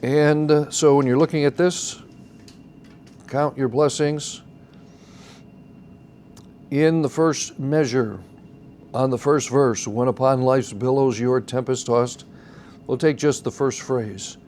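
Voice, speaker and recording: Patient male instructor with a mellow tone, faint background hiss, teaching a class. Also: mid-range voice, steady tone, measured pace. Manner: patient, explains step by step, asks the class questions. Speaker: song leading teacher. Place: church classroom.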